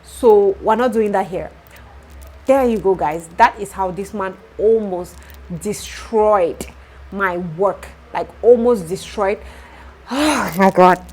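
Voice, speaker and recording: A young woman with a Nigerian accent, a vlogger and shop owner telling an exasperated story in casual talk, breaking into loud outrage. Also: mid-range voice, takes it slowly, husky, rough recording.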